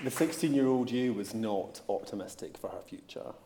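A man's voice: fairly low pitch, moderate pace, vocal fry, a crowd in the background, background noise. Wry male interviewer in a hall. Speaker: interviewer, event host. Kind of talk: on-stage interview.

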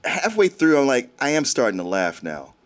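A relaxed man weighing in on a movie in casual conversation. His mid-pitched voice rises and falls freely as he thinks aloud. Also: normal speed. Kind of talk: casual movie review chat.

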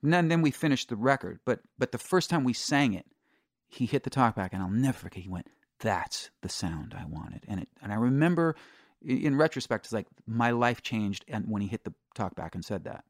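Middle-aged male guest, mid-pitched voice, dry studio sound, candid storyteller. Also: expressive, brisk, dry recording. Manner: candid, storytelling, frequent restarts and swearing. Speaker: guest singer-songwriter. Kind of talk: casual interview chat.

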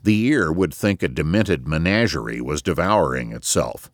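A man with a very deep voice narrates an audiobook, telling the story in an expressive, measured way. He is recorded on a close studio mic with no echo.

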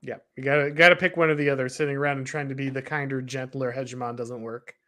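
A man hosting a podcast, chatting casually in a brisk, wry way. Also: mid-range voice, flat delivery, a bit bright. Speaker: podcast host.

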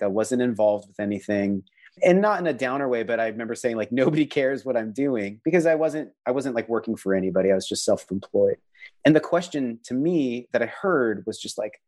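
A man's voice: medium pitch, darkish tone. A man, a visual artist and person of faith, talking in an earnest, reflective way as a guest, often hunting for words. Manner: earnest, reflective, searching for words with many likes. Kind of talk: casual conversational interview.

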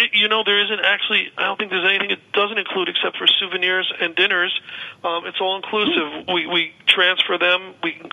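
A man with a high, very bright voice talks through his tours in an upbeat, rambling way, full of restarts. He comes through a dull, narrow phone line. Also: creaky. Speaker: guest, paranormal tour organizer. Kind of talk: casual radio interview.

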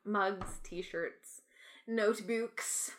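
A young Canadian woman co-hosting a podcast in casual chat, sarcastic and quick to laugh. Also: medium pitch, fairly even intonation. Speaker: podcast co-host.

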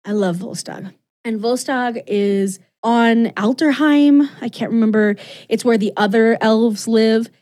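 A woman's voice: a little high, a little slow, a little mellow. A woman co-hosting a podcast, chatting casually and rambling animatedly with lots of asides. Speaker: podcast co-host. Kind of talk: casual chat recapping comics.

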